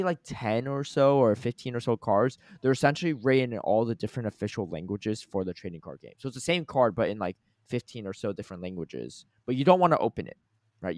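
A man's voice: mid-range voice, no room sound, clean studio sound. A man hosting a podcast in a chatty, casual way, reading out listener comments and reacting to them. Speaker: podcast host. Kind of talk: casual chat.

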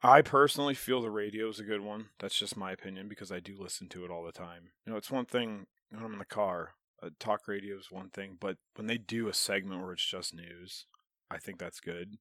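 A man's voice: on the low side, brisk, dry recording. A man in casual podcast chat, telling stories with lots of swearing and laughter. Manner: animated storyteller, swears a lot, laughs often.

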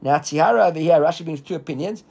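A man's voice: on the high side, creaky, dark tone, breathy edge. A man teaching a Talmud class who reads the text aloud, translates it line by line and keeps checking that his listeners follow. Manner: explains quickly, reads the text aloud and translates it, asks students if they follow.

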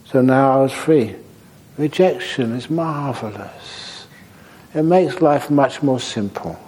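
A man, a Buddhist monk, answers questions from his audience in a relaxed dharma talk. His voice is mellow and warm, never bright. He moves easily between teaching points and humorous, unhurried anecdotes. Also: mid-range voice, slightly rough, low-quality recording. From Australia.

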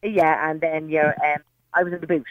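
A woman's voice: deep voice, little pitch movement, moderate pace, no room sound, phone-quality sound. An Irish woman calling in to a radio show, telling a story in a chatty way with plenty of hesitant fillers. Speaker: caller. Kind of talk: phone-in chat.

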